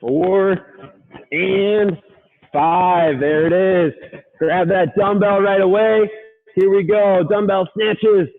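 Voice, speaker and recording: A man leads a live workout with a high, bright voice, counting reps and cheering the listener on. He gets winded between rounds. The sound is thin and tinny, like a phone line. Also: fairly even intonation, takes it slowly. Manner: upbeat, counting reps and urging on. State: out of breath at times. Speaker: fitness coach.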